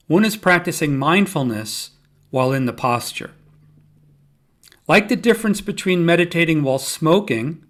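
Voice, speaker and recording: A man hosting his own podcast, explaining yoga and mindfulness in a calm, measured teaching voice with gentle humor. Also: on the high side. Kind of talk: solo podcast talk.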